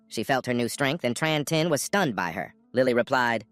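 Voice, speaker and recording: A man's voice: mid-range voice, animated, moderate pace, few pauses, fairly bright tone, no room sound, soft background music. A man narrating a comic story recap in a scripted way, jumping into character lines now and then.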